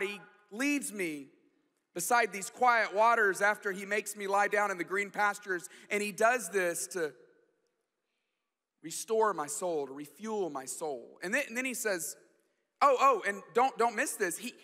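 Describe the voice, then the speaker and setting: A man's voice: sits high, normal speed, sharp tone, long reverb tail. A man preaching a sermon as pastor, chatty and storytelling, often repeating words.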